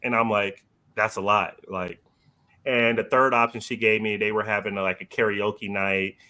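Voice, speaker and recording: A man's voice: fairly low pitch, flat delivery, moderate pace, bright, forceful tone. A man guesting on a podcast, telling a personal story in a loose, slangy way with lots of "like" and "you know" and laughter mixed in.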